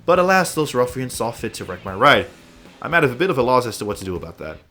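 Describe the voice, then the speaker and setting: Flamboyant young video game fan of heroes, theatrical, grandiloquent speech, medium-pitched voice. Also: male voice, very animated, fast, bright, forceful tone, soft background music. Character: flamboyant young man, a hero-obsessed fan. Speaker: game character.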